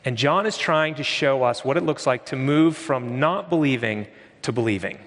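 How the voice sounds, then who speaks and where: A man's voice: medium pitch, normal speed, a bit bright, in a large hall. A man preaching a sermon as pastor, conversational and emphatic, in a church sanctuary.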